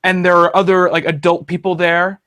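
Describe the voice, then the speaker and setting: A man's voice: high-pitched, monotone, normal speed, bright, forceful tone, clear, resonant tone. Chatty man hosting a comics talk show. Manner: rambling, chatty, full of fillers and restarts. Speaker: podcast host. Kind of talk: casual chat about comics.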